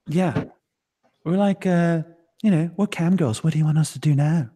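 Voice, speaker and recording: A man's voice: fairly high pitch, moderate pace, dark tone, slightly rough. A man hosting a casual livestream, rambling and jokingly teasing his co-host. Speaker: streaming show host.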